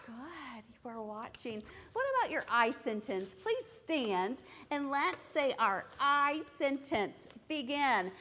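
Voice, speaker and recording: A woman's voice: high voice, sing-song, slow pace, hardly any pauses, long reverb tail. A woman teaching a phonics lesson to young children, prompting them in a sing-song classroom manner. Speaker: kindergarten teacher. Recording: classroom video with loud background noise.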